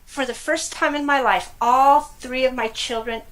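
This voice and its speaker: Woman, middle-aged, from California, high-pitched, animated, laughing, personal storytelling. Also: measured pace, low-quality recording. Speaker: guest.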